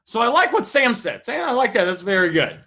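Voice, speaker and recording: Young man, high voice, bright tone, casual sales trainer, lots of fillers. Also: very animated, brisk, rough recording. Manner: casual, thinks aloud with fillers. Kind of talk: live online class, reading student messages.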